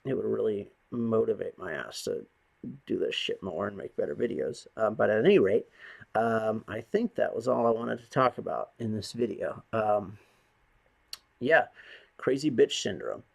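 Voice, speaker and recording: A man's voice: fairly low pitch, animated, moderate pace, gravelly, darkish tone, husky. A man vlogging a bitter, rambling, profane rant to the camera. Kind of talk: ranting monologue to camera.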